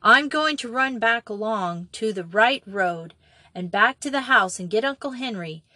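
A woman's voice: fairly high pitch, lively intonation, unhurried, pushed and bright, no room sound, heavily acted. A woman voicing a brave but scared young girl who speaks urgently and tries to sound firm. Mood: anxious, urgent.

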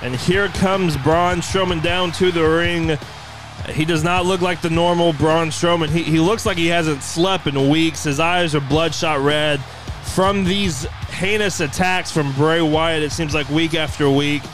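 A man's voice: a little high, steady tone, unhurried, over music. A man narrating a wrestling show play-by-play in an eager manner, often stumbling and restarting.

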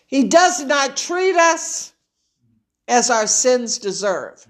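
Middle-aged female preacher, high-pitched, deliberate fervent sermon delivery. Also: sing-song. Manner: emotional, fervent preaching with call-and-response.

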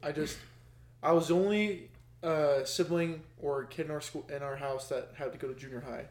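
A man's voice: on the high side, steady tone, moderate pace, echoey room. Young man correcting a story, chuckling. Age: young adult. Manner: protesting, correcting details with a chuckle. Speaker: podcast guest. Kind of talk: casual storytelling.

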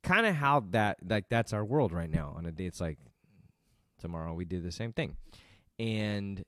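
A middle-aged father speaks in a very low, deep voice, musing about family life in a loose, rambling way. He breaks off his own sentences and tosses in joking asides. The sound is close and dry, with no room echo. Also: lively intonation, moderate pace, fairly bright tone. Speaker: father vlogging about parenting. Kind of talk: casual unscripted monologue.

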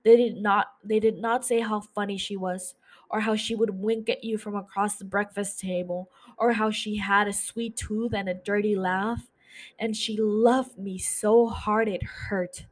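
A woman reading aloud the lines of a grieving middle-aged man who is remembering his late mother, in her own plain voice, slow and tender. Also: medium pitch, fairly even intonation, close to an everyday voice.

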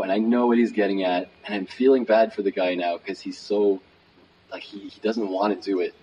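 A man telling a personal story as a guest, lively and casual with many fillers. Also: on the low side, brisk. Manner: animated, acts out quotes, many fillers. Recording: dull recording with faint noise.

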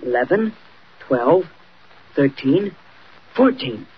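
An actor playing an earnest, boyish young newspaper helper in 1940s radio acting style. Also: male voice, mid-range voice, animated, slow pace. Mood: eager. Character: eager teenage newspaper boy, Jimmy Olsen. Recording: dull, faintly noisy old radio recording.

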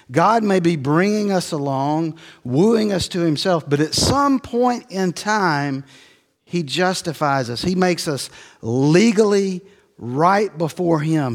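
A middle-aged man preaching an expository sermon in a relaxed, conversational teaching manner. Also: a little high, big-room sound. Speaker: pastor.

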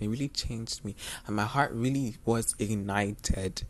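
A man's voice: on the low side, fairly even intonation, moderate pace, few pauses, a little hiss or hum. A young man hosting a podcast, earnestly telling his personal faith testimony in a rambling, confessional way. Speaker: podcast host.

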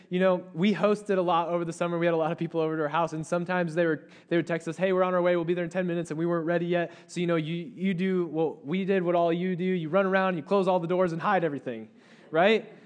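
Man, pastor, higher-pitched voice, lively sermon storytelling, playful asides.

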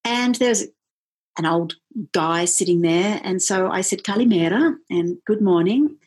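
A woman musician telling a travel story in casual chat, animated, acting out the people she quotes. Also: measured pace, slightly rough. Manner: animated, acts out quoted voices with big pitch jumps. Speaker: musician and podcast guest.

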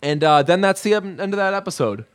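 Brief: man narrating a sitcom recap, casual, scene by scene, fairly high voice. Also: lively intonation, quick pace. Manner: narrates scene by scene with many "uh" fillers. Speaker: episode recapper. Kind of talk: casual spoken retelling.

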